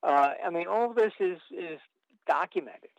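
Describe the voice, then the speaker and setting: A man's voice: high-pitched, animated, unhurried, gravelly, dry recording, muffled recording. A man telling long anecdotes as an interview guest, rambling with fillers and restarts.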